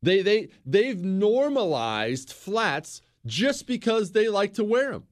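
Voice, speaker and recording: A man's voice: sits high, very animated, takes it slowly. A man hosting a talk show, ranting sarcastically and with emphasis. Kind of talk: opinionated radio talk.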